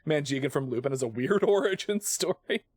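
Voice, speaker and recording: A man streaming a video game, chatting and joking excitably, easily startled. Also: a little high, a little fast, no echo. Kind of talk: live game commentary.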